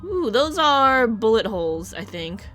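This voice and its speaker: A woman's voice: on the high side, big pitch swings, measured pace, fairly bright tone, faint music behind. A young woman streaming a game, chatting casually and animatedly, swearing now and then.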